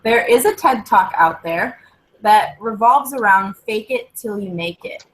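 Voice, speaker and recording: A woman's voice: medium pitch, lively intonation, measured pace, slight background noise, low-quality recording. A woman, a guest on a wellbeing talk show, explaining positive self-talk and mantras in an earnest, casual way. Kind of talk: casual chat.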